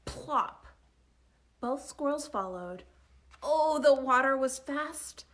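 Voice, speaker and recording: A woman reading a rhyming children's picture book aloud, expressive and sing-song, sometimes dropping to a whisper. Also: high voice, slow pace, background noise. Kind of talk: storytime read-aloud.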